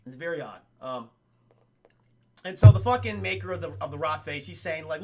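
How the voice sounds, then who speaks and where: A man's voice: fairly high pitch, animated, normal speed, long pauses, darkish tone. A young man doing a profane, rambling film review for his stream chat, often addressing chat directly. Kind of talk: casual spoken film review.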